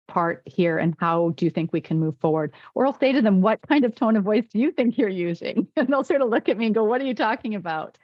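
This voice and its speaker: A woman's voice: fairly low pitch, dry recording, dull audio. A woman physician and wellness coach in a podcast interview, telling stories and acting out quoted dialogue.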